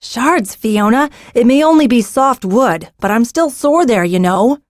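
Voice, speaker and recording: A woman voicing a spirited young woman warrior and mother, speaking forcefully and teasingly in an audiobook. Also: mid-range voice, brisk, dry recording, studio quality, natural voice.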